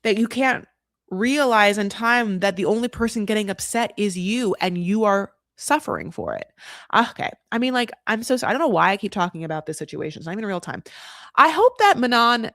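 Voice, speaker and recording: A woman's voice: medium pitch, big pitch swings, a little fast, fairly bright tone, no room sound, clean studio sound. An American woman recapping a reality show in a chatty, sarcastic way, full of asides and restarts. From United States.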